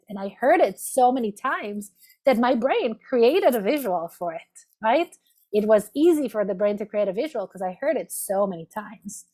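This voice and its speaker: A woman's voice: mid-range voice, darkish tone. A woman therapist giving a lunch-and-learn talk over a video call, explaining step by step and often checking in with "right?". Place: home office, video call.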